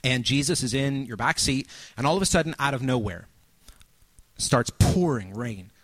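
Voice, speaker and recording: A man at medium pitch preaches a sermon, painting a scene for his listeners. He talks loosely with fillers, then acts out moments, rising to cries or dropping to a near-whisper. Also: expressive, normal speed. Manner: storytelling, acts out scenes with sudden shouts and hushed asides.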